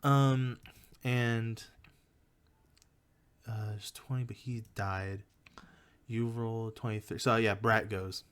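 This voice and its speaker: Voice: mid-range voice, steady tone, slow, long pauses, smooth. A game master running a tabletop game, narrating loosely with many fillers.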